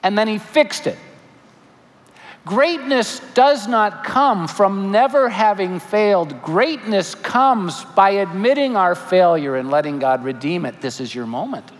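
A man in his forties preaching a sermon as pastor, animated with joking asides and earnest appeals. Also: sits high, a little slow. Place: church sanctuary. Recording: church hall reverb, faint ambience.

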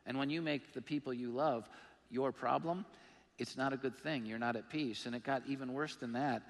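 A male pastor preaching a sermon, emphatic and animated, with self-deprecating humor. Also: mid-range voice, normal speed. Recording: long reverb of a large hall.

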